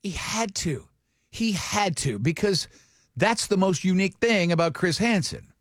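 Man, radio co-host, slightly high voice, dry close mic, wry teasing banter. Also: expressive, measured pace, no echo. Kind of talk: casual morning radio banter.

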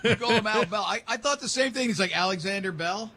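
A man hosting a morning radio show, bantering and running a quiz with quick jokes and frequent laughs. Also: very high-pitched, a loud crowd. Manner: joking, laughs often, quick asides. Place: radio studio.

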